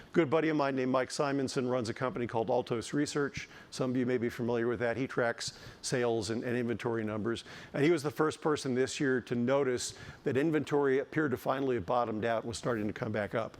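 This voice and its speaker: Keynote speaker, middle-aged man, mid-pitched, lively delivery, quick jokes, restarts mid-sentence. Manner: animated, joking asides, frequent restarts. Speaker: keynote speaker, housing economist. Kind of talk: conference keynote talk. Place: conference stage.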